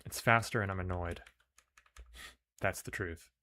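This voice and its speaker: Low-voiced man reading game text. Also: steady tone, measured pace, pushed and bright, slight background noise. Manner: casual, swears in asides. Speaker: game streamer. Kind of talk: reading game text aloud with casual asides.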